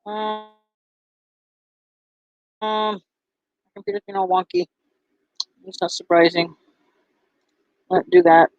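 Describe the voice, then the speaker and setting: Woman vlogger, casual and halting, lots of ums; dry, muffled recording. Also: medium pitch, sing-song, gravelly, no echo. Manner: halting, full of ums and restarts. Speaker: vlogger and bracelet seller. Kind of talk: casual chat to camera. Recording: dull lo-fi, dry sound.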